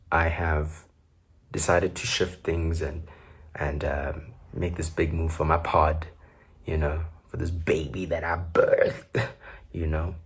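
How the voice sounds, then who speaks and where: With a slightly rough bass voice, a South African podcast host jokes around in a loose solo chat heavy on fillers, speaking in a South African accent.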